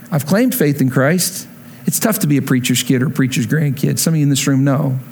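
A man preaching a sermon to a congregation, telling his own conversion story and climbing to emphatic peaks before dropping low and slow. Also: gravelly, a little mellow, slight background noise. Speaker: pastor. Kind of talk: sermon with personal testimony. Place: church sanctuary before a congregation.

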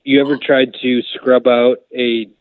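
A man's voice: mid-range voice, little pitch movement, unhurried, narrow, tinny audio. A man talking casually as a podcast guest, blunt and crude in his joking. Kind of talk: casual chat.

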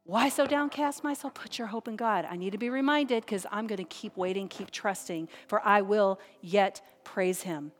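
A woman's voice: mid-range voice, faint music behind. Woman pastor preaching, big emphatic delivery, repeats lines, long echo from the hall. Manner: emphatic preaching with repeated phrases and dramatic pauses. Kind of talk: sermon.

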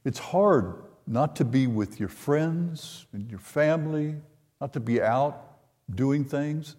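An older man preaching a sermon, retelling a scripture story in an unhurried way and voicing the quoted lines. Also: a little high, darkish tone. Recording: long hall reverb.

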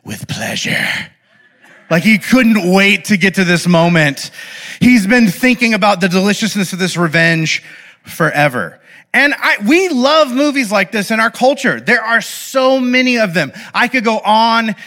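A young man speaking to a live audience in an animated, playful way, often checking in with the audience. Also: high-pitched, moderate pace. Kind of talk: lively talk to a live audience.

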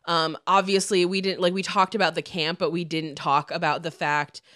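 Woman, podcast co-host, casual chat, gushing, laughs a lot, low pitch, dry sound. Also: flat delivery, moderate pace, a bit bright, no room sound. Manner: gushing, laughs often, lots of fillers.

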